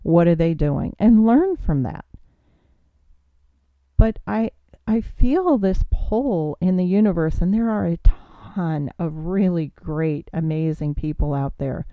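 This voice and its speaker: A woman's voice: on the low side, expressive, slow, dry recording, narrow, tinny audio. A woman hosting a podcast, giving an earnest motivational talk full of rhetorical questions and coaching asides. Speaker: podcast host. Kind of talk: motivational monologue.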